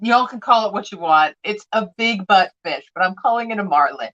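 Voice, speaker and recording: A woman's voice: mid-range voice, animated, brisk, bright, forceful tone, highs cut off. A woman selling vintage glass on a live sale, chatting and telling stories with playful voiced quotes.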